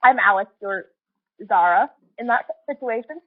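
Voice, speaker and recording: A woman's voice: on the high side, moderate pace. A woman co-hosting a podcast, chatting casually, joking bluntly and swearing freely. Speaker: podcast co-host. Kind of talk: casual chat. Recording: thin phone-like line.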